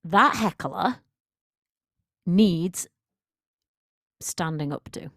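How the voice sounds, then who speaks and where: A woman with a low voice coaching listeners on a solo podcast. She talks in a direct, emphatic, conversational way. The sound is close and dry, with no room echo. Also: expressive, drawn-out words, a bit bright. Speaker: confidence coach.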